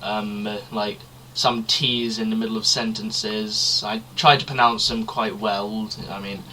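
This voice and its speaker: A man's voice: fairly low pitch, level tone, a little slow, pushed and bright, slight background noise. A young man co-hosting a casual podcast, rambling and chatty, swearing loosely. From Britain. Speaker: podcast co-host. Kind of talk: casual chat.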